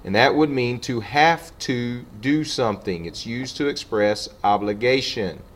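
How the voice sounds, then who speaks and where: A man teaching a Spanish lesson, patiently walking through examples and slowing down for each sample sentence. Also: medium pitch. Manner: patient, repeats "okay" and slows down for example sentences. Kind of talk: classroom lesson explaining on a board.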